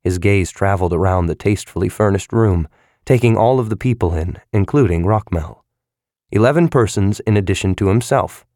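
An audiobook narrator with a lowish voice reads a novel aloud in a measured, even manner. The scripted narration is a dry, studio-quality recording.

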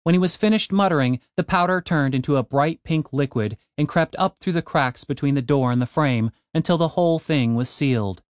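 A man narrating a comic fantasy audiobook in an expressive, wry way. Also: fairly high pitch, brisk, hardly any pauses, dry recording, clean studio sound.

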